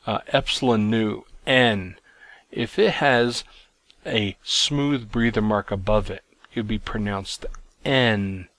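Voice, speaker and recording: A man teaching a recorded lesson, explaining in a plain, measured way with some fillers and restarts. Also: fairly low pitch, fairly even intonation, fairly bright tone, no echo. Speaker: Greek teacher.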